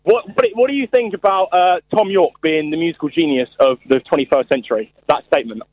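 A man's voice: fairly high pitch, brisk, dry recording. A man calling in to a radio show, chatting in a laid-back way. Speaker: caller. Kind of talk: casual radio chat. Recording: dull phone-in line.

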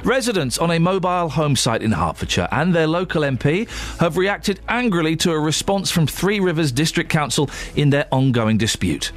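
A man presenting breakfast radio, mocking the stories in a lively, sarcastic way. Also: normal speed. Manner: mocking, animated, swings between deadpan and high exclamations. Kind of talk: breakfast radio chat and news.

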